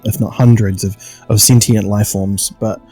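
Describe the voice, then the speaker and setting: A man's voice: lowish voice, level tone, moderate pace, mellow, breathy edge, soft background music, low-quality recording. A man co-hosting a podcast in casual chat, critical of the show and full of laughing asides. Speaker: podcast co-host.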